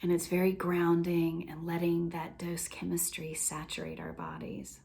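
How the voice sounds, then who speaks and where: A woman teaching a laughter practice in a gentle, unhurried way, often dropping to a near whisper. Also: lowish voice. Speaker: laughter coach. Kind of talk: instructional talk.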